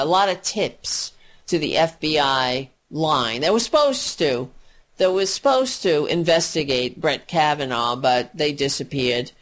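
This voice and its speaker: A woman giving an exasperated, profane political rant, mocking the people she talks about. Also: low voice.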